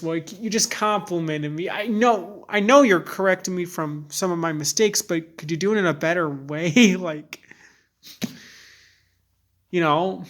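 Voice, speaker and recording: A young man talking candidly to camera in a rambling, halting way, full of fillers and restarts. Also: high voice, a bit bright. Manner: earnest and candid. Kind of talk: personal vlog monologue.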